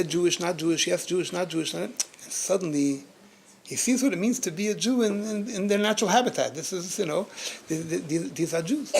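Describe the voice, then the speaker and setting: A man, a rabbi, telling a story at a community gathering, animated, often laughing and repeating words as he goes. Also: high voice, gravelly, a little hiss or hum.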